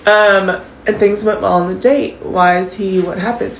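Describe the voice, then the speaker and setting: A woman telling a dating story into her phone while tearful, rambling and halting with fillers. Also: mid-range voice, steady tone, roomy sound, slight background noise, low-quality recording. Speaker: TikTok poster. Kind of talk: confessional vlog.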